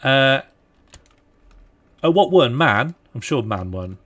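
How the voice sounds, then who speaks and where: A man livestreaming a strategy game and chatting casually with a co-host, relaxed and jokey while he thinks aloud. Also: medium pitch, slow pace. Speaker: streamer playing a strategy game. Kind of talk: casual live-stream chat.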